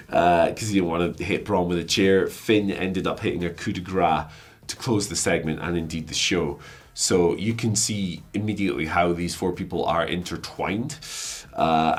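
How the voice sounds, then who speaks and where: Hoarse, low-voiced man. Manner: chatty, self-mocking, lots of fillers. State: hoarse with flu. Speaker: wrestling news host. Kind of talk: casual news commentary.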